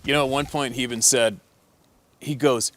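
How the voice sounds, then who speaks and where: A man's voice: medium pitch, fairly even intonation, fast, pushed and bright. A man who works as a hunting guide tells a story in a casual, blunt, profane way, with many filler words.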